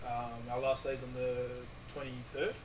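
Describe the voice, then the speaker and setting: A young man, a barista and pizza maker, chatting casually and getting animated when he tells stories. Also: mid-range voice, normal speed, low-quality recording. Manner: laid-back, animated when telling stories. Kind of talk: casual chat.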